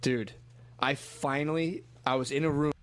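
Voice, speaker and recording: A man's voice: mid-range voice, steady tone, moderate pace. A man on a podcast in casual chat, rambling through a story and acting out his own quotes. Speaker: podcast co-host.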